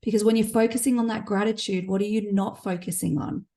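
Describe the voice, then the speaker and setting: A woman co-hosts a relaxed business podcast. She talks in an encouraging, reflective way, pitched mid-range, with practical tips. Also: fast. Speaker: podcast co-host. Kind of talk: casual business podcast chat.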